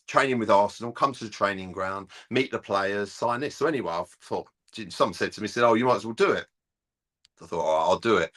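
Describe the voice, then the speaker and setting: A middle-aged man telling a lively fan story in casual chat, acting out the voices of people on the phone. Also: fairly low pitch. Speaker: presenter and fan-channel regular.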